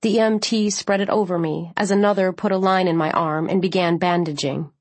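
A woman reading a first-person novel aloud as an audiobook narrator, with measured, steady delivery. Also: fairly low pitch, dry recording.

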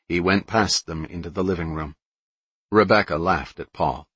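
A man narrating an audiobook in a steady, even storytelling manner. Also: sits low, moderate pace, husky, no echo.

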